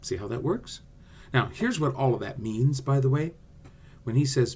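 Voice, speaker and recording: A man's voice: mid-range voice, expressive, normal speed, darkish tone. A male theatre teacher giving a friendly class video lesson, explaining directly to his students.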